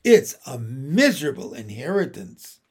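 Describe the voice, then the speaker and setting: A man reading a storybook aloud, voicing an innocent, soft-hearted young male pig who speaks earnestly and is easily shocked. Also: medium pitch, sing-song, unhurried, slightly rough.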